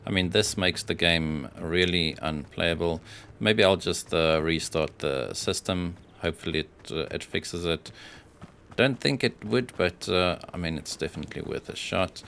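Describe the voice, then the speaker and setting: A man giving casual voice-over commentary on gameplay benchmarks, hesitant and matter-of-fact, often pausing with filler sounds. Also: low voice, vocal fry, a bit bright, a little hiss or hum.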